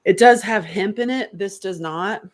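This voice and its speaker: A woman's voice: mid-range voice, moderate pace. A woman, hosting a casual, rambling chat and laughing often. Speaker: host.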